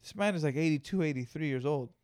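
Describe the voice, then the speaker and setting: A young man hosting a podcast in casual, profane, excitable chat, riffing loudly on what he sees. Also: a little high, fast, smooth, no room sound, clean studio sound. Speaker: podcast host.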